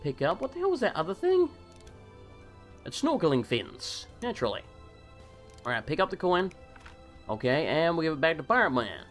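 A man narrating his gameplay in a loose, sarcastic way, swearing and arguing with the characters on screen. He is getting over a cold, and his pitch swings widely and animatedly. Faint game music runs underneath. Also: big pitch swings, moderate pace, long pauses, fairly bright tone. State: recovering from a cold. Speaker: gaming channel host. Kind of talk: casual let's play commentary.

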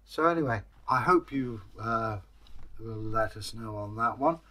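A man hosting a storytelling channel, telling a folktale and then chatting to viewers in a rambling, friendly way with pauses. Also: lowish voice, bright, forceful tone. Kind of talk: folktale storytelling, casual sign-off.

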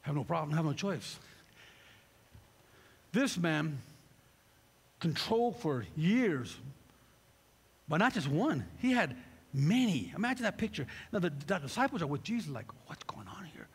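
High-voiced fervent man preaching. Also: sing-song, unhurried, pauses often, slightly rough, in a large hall. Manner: fervent, repeats rhetorical questions. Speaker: pastor. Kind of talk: sermon.

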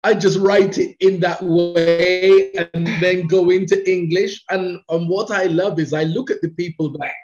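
A man's voice: high-pitched, fairly even intonation, measured pace, hardly any pauses, over music. A man, a radio presenter, chatting in an interview, telling stories animatedly and laughing often. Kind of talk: casual interview chat. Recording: dull lo-fi sound.

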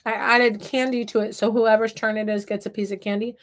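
Woman, livestream craft host, casual chat, slightly high voice, playful and upbeat, home office. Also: little pitch movement, fairly quick. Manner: chatty, reads out viewer comments.

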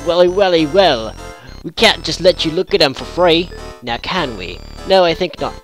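A brash, boastful ghost jar collector, put on by a man, taunting in a mock-British voice. He sits far higher than his usual voice and comes out loud and pushy. Video game music plays behind him. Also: animated, a little slow. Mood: smug. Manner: taunting, exaggerated British slang.

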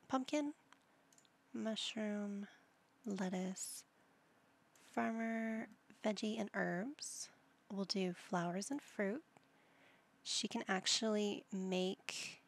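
A woman hosting a gaming channel, chatting casually and musing to herself as she plays, sometimes dropping to a whisper. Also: mid-range voice. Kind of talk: casual gameplay commentary.

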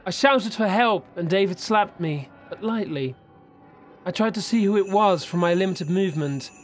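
High-voiced man narrating a horror story. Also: moderate pace. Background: faint background music.

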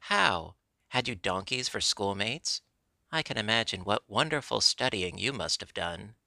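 A blunt, scoffing older gardener, as a man reading a storybook puts him on. The voice is low and gravelly, with a bright, forceful edge. It sounds dry and close. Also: moderate pace, dry recording, exaggerated voice. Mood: mocking. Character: gruff mocking older male gardener.

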